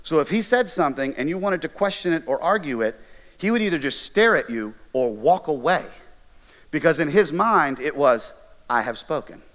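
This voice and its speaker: Animated man telling a sermon story. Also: a little high. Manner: animated, conversational, jokey asides. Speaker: college ministry pastor.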